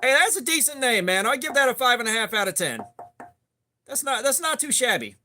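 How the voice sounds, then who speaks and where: A man's voice: very high-pitched, sing-song, a little fast, pushed and bright, soft background music. A man hosting a laid-back live stream, greeting chat viewers by name. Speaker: livestream host.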